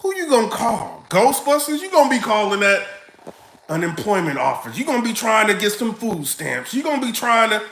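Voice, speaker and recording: A man ranting casually to camera, animated and joking, with lots of slang. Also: high-pitched, brisk, creaky, reverberant. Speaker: vlogger.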